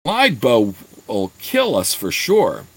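A man reading aloud voices a small, eager apprentice boy who pleads and flares up quickly. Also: medium pitch, huge pitch swings, a bit bright, husky, no room sound, full character voice. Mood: agitated.

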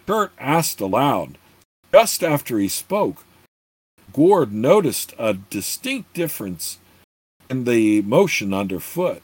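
A man's voice: mid-range voice, sing-song, takes it slowly, a little mellow, husky, dry recording. A man reading a fantasy novel aloud in a hesitant way, often stumbling and restarting words. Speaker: narrator.

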